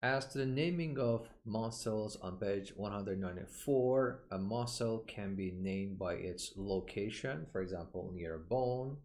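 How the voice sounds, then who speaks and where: A man teaching medical English from a textbook. He repeats terms slowly to model their pronunciation and often pauses with "uh" as he points to the page. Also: on the low side, a little mellow. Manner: slow, deliberate, models pronunciation by repeating words; frequent "uh" fillers, points at the page. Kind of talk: textbook walkthrough lesson.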